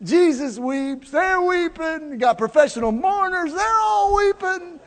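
A man preaching a sermon to his congregation, animated, swinging between loud and hushed, with jokey asides. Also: extremely high pitch, unhurried. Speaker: pastor. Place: church. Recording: long hall reverb.

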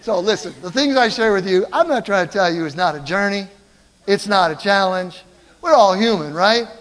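Animated older man preaching. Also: high voice, normal speed, long reverb tail. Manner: animated storytelling, calls out to the congregation. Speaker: pastor. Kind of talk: sermon. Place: church.

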